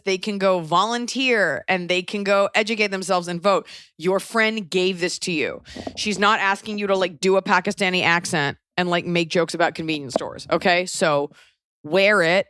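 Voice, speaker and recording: A woman hosting a podcast, giving blunt, profane, animated advice in casual chat. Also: fairly low pitch, moderate pace, smooth, dry recording, studio quality. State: pregnant. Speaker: podcast host.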